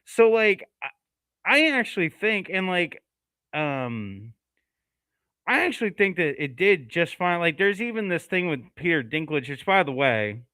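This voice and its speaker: Male co-host, slightly high, bright voice, rambling chatty storyteller. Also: sing-song, measured pace, clear, resonant tone, no echo. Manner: rambling, self-correcting storyteller. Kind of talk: casual podcast chat.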